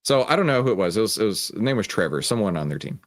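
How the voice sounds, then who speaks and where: A man's voice: on the low side, very animated, very fast. A man with a Texan accent hosting a live stream, chatting casually and joking as he greets viewers by name. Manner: laid-back, jokey, greeting chat viewers by name. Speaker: livestream host.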